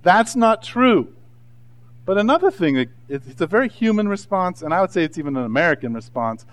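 Male pastor, 30s, lively conversational sermon delivery, slightly higher voice. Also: fast, a little hiss or hum. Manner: animated, conversational preaching with voiced asides.

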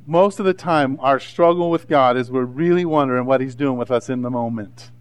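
A man in his thirties preaching a sermon, animated and conversational, acting out asides in different voices. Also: medium pitch, brisk, hardly any pauses. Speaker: pastor.

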